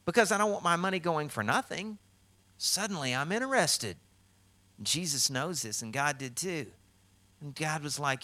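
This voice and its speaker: A middle-aged man preaching a sermon as pastor, telling stories and acting out quotes with lively swings in voice. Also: a little high, normal speed. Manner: storytelling with animated acted-out quotes.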